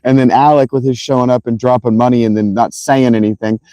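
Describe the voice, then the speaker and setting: Livestreaming outdoors beside a fountain, a man in his thirties chats casually, laughing often and swearing, his voice worn and strained. He talks fast at a medium pitch with a steady, mellow tone, and the recording is dry.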